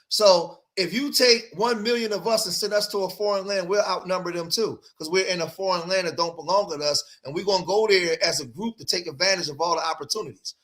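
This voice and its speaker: A man's voice: high voice, fairly bright tone. A man hosting a livestream, reacting to clips in emphatic commentary and repeating phrases for emphasis.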